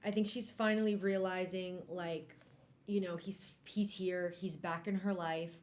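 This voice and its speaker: Woman, live-stream host, casual book chat, animated, exclaiming, filler-heavy. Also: on the low side, measured pace. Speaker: streamer hosting a book club.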